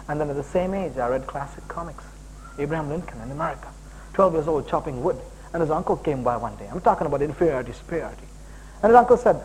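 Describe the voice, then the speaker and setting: A middle-aged man from India preaching a sermon as a guest, jokey and animated, often breaking into high emphatic exclamations. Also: fast, a little hiss or hum, poor audio.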